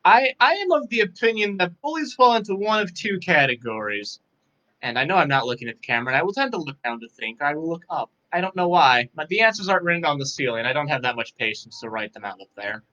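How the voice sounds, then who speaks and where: A young man talks softly and with dry, self-mocking humor, sounding a bit tired. His voice is bright and sits a little high. He wanders off on tangents. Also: expressive, fast talker, dull audio. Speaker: guest. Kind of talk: casual live interview.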